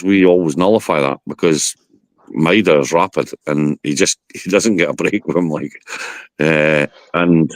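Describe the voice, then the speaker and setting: Man, very deep voice, dry close sound, blunt rambling chat. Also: no room sound. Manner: blunt, rambling football opinions. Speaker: podcast guest. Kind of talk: casual chat.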